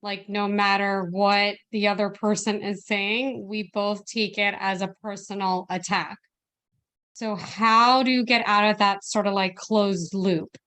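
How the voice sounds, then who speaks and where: A woman's voice: medium pitch, fairly even intonation, a little slow, a bit bright. A woman asking a question on a video call over a computer mic, hesitant and full of fillers. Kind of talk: casual talk on a video call.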